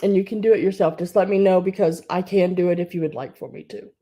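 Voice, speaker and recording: A woman with a fairly low voice hosts a home live stream while crying. She speaks haltingly, her words breaking off and sinking into soft whispers. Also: fairly even intonation. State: tearful, crying. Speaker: online live-sale host. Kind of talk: emotional live-stream chat.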